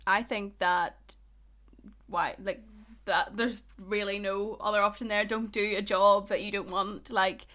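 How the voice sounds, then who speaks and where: A woman's voice: mid-range voice, fairly even intonation, unhurried, bright, forceful tone. A woman in her twenties with a Northern Irish Ballymena accent, co-hosting a casual podcast chat, chatty and jokey. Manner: chatty, laughs often, jokey. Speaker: podcast co-host.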